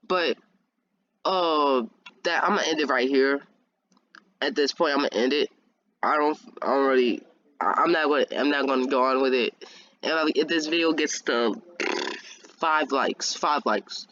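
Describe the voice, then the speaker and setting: A man's voice: medium pitch, moderate pace, pauses often, bright, forceful tone, no room sound, muffled recording. A young man casually telling a fan story, rambling with many restarts and laughing at himself. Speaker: fan video creator.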